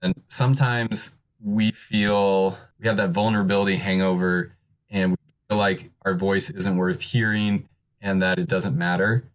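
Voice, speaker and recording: A man's voice: low voice, level tone, unhurried. A man talking openly and earnestly in casual podcast conversation. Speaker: podcaster, co-host.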